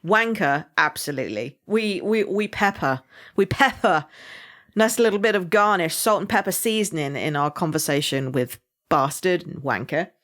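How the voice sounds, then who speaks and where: Somerset-accent woman chatting on a podcast, low voice, laughs a lot, playful. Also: normal speed. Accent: Somerset English. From England. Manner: animated, laughs often, playful asides. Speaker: podcast co-host. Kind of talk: casual chat.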